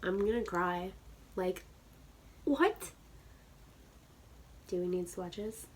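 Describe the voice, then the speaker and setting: A woman's voice: lowish voice, steady tone, very slow, husky. A woman in her thirties vlogging a beauty unboxing, gushing with squeals and dropping to whispered asides. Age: 30s. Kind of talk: excited unboxing chat.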